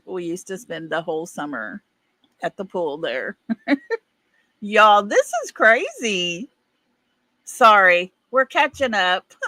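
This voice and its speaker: A middle-aged woman with an East Texas accent hosts a livestream, chatting casually and folksily with viewers, reading their comments and laughing often. Her medium-pitched voice sounds pushed and bright, with no echo.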